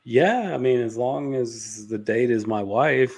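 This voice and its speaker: A man's voice: medium pitch, a little slow. A man who owns a beard care company, talking casually as a podcast guest and laughing between his thoughts.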